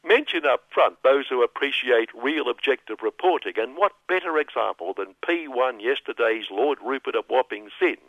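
A man's voice: mid-range voice, animated, normal speed, few pauses, dry recording. A man runs through a mocking satirical radio monologue, every line dripping with sarcasm. The sound is dull and lo-fi, close and dry with no room around it. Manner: sardonic, mocking. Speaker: radio commentator.

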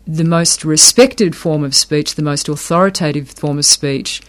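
A man's voice: on the high side, measured pace, fairly bright tone. A man explaining academic ideas in an interview, thoughtful, often repeating words as he works a point out.

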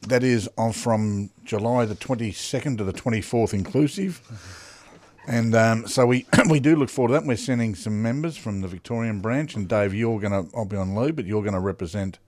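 Male host, low voice, dry close studio mic, loose rambling delivery. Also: a little fast, darkish tone, no echo. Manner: rambling, many ums, self-correcting. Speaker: radio co-host. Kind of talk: casual radio chat.

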